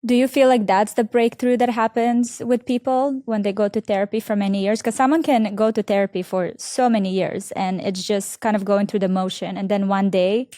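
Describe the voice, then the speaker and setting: A woman podcast host in a conversational interview, asking calm, reflective questions. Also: mid-range voice, fairly quick, few pauses, dry recording, studio quality.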